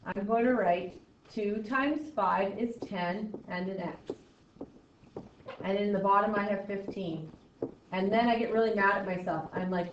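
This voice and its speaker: A woman math teacher giving a classroom lesson to students, talking in a chatty, playful way with jokey asides and swings from loud to quiet. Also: medium pitch, a little slow, slight background noise. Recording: echoey classroom, dull lo-fi sound.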